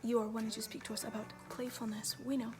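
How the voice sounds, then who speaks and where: A woman medium in trance, giving a channeled message as a collective "we" in a slow, hushed, often whispered, repetitive delivery. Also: fairly high pitch, flat delivery, music in the background. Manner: speaks as a collective "we".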